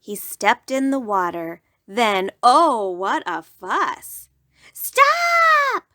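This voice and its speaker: A woman storyteller reading a rhyming bedtime story aloud in an animated way. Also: medium pitch, slow pace, no echo, studio quality.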